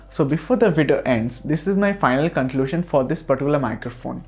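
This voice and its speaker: A tech reviewer with a fairly high-pitched, darkish voice reviews a microphone, recorded on a USB desk mic. He talks earnestly and keeps reassuring the listener again and again.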